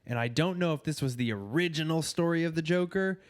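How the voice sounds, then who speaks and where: A man's voice: on the high side, fairly quick. A married man co-hosting a podcast in casual chat, laid-back and swearing freely. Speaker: podcast co-host.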